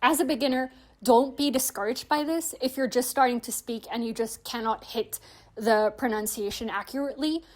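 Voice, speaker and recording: A woman's voice: fairly high pitch, normal speed, a little mellow. A young woman hosting a language-learning video, explaining tips in a chatty, friendly way with frequent "like" fillers. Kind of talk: casual explanatory vlog.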